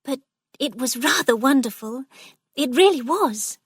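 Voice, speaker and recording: A dreamy, excited young woman, put on by a woman reading a storybook, whose eager voice climbs well above the reader's own. She speaks slowly and earnestly, recorded close and dry. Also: high-pitched, breathy edge, no echo, pitched above the performer's own voice, full character voice.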